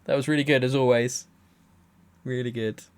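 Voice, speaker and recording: A man's voice: mid-range voice, steady tone, normal speed, clean tone. A young man hosting a casual podcast chat, jokey and rambling, often restarting his sentences. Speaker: podcast host.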